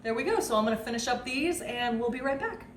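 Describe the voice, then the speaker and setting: A woman's voice: on the high side, animated, quick pace, slight background noise. Chatty woman in an echoey kitchen. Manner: chatty, talks while eating. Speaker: host. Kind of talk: casual cooking chat.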